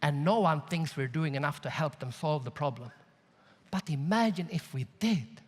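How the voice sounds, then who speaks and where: A man from Sweden giving a live conference keynote, telling an animated story and asking the audience questions. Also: on the high side, moderate pace. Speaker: keynote speaker. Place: large conference hall. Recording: long reverb of a large hall.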